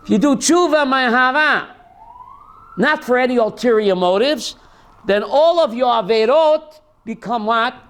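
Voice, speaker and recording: High-voiced rabbi lecturing animatedly. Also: male voice, a little slow. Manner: animated, asks the audience questions, mixes Hebrew terms. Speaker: rabbi teaching a class. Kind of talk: lively Torah class lecture.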